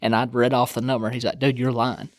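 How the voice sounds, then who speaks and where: A man's voice: medium pitch, fast, no room sound, studio quality. A young man, telling a fishing story in casual chat and acting out what his friends said. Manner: animated storyteller, acts out quoted friends.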